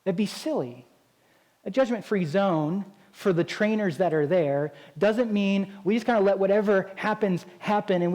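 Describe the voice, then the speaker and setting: A pastor preaching a conversational sermon, often checking in with "right?". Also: male voice, high-pitched, darkish tone, low-quality recording. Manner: conversational, keeps asking "right?".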